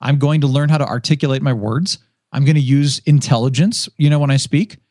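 Speaking a little fast at medium pitch, this man comes through in clean, echo-free studio sound. He used to be a radio DJ and now chats loosely as a guest on a podcast, a lively storyteller who performs the voices he quotes.

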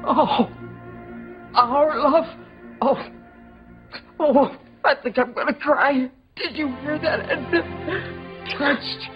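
Brief: giddy theatrical romantic, soap comedy, muffled broadcast with faint music. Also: female voice, high-pitched. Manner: theatrical, gushing, excitable. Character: giddy melodramatic romantic woman. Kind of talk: soap opera comedy acting. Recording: dull broadcast sound with music.

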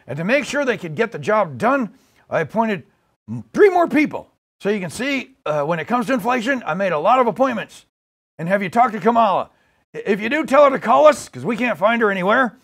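A doddering old president who loses his thread mid-sentence and circles back on himself, as a man puts him on. His voice sits high and swings widely, halting and repeating as he goes. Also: very animated, fairly bright tone, husky, exaggerated voice. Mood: rambling. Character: rambling confused elderly male president.

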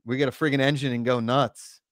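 A man's voice: medium pitch, steady tone, a little fast, dry recording, clean studio sound. A man hosting a live race-watching stream, joking around and reading out chat comments. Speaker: stream host.

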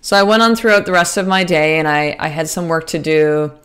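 A woman's voice: sits low, a little fast, a bit bright, clean tone. A woman hosting a podcast in a casual monologue, earnest and motivational, swearing freely and restarting her sentences. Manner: earnest and motivational, addresses listeners as sister. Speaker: podcast host.

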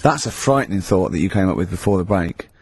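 A man's voice: low voice, expressive, fast, husky. A male radio host who teases, swears and argues back in casual studio banter. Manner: mocking, exasperated, swears and laughs at his co-host. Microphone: studio microphone.

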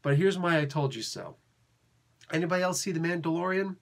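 A man hosting a casual comic book review, talking in an excitable, rambling, slangy way. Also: fairly high pitch, a little fast, vocal fry.

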